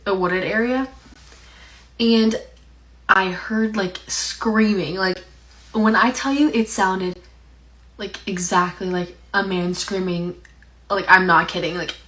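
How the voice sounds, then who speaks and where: A woman's voice: medium pitch, fairly even intonation, takes it slowly, long pauses, fairly bright tone, poor audio. Young woman telling a story. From Appalachia, USA. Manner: rambling, heavy use of "like". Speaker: TikTok storyteller. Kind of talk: casual story time.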